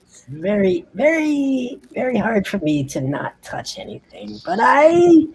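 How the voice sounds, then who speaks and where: A woman playing a kobold in a tabletop game, talking in halting restarts. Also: a little high, sing-song, slight background noise, poor audio. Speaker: player.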